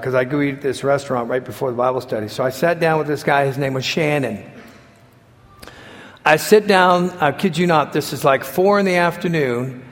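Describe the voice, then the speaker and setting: A man preaching a sermon, telling stories with lively acted-out quotes and sudden shouts. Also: a little high. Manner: animated storytelling, acts out quotes and shouts. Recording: long hall reverb.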